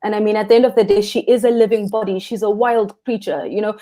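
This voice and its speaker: Mellow-voiced South African woman guest. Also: medium pitch, fast. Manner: earnest, expressive, speaks of the ocean lovingly. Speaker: freediving instructor, guest. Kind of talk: live interview chat.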